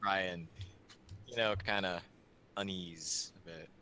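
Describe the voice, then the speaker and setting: A man's voice: low-pitched, fairly even intonation, slow pace, bright, forceful tone. A man talking casually as a player in an online tabletop game, over a computer mic. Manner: casual, chatty. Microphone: computer mic on a voice call.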